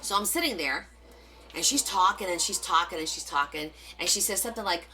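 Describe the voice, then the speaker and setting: A woman's voice: fairly low pitch, brisk. A middle-aged woman with a New Jersey accent, chatting casually on a live stream and acting out the voices in her stories, with many fillers. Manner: animated, acts out quoted voices, many fillers. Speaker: live stream crafting host. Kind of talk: casual storytelling chat.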